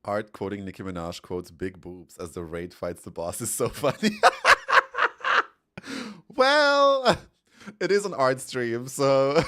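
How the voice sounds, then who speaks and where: A man streaming a game, chatting casually and giggling as he reacts to chat messages. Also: lowish voice.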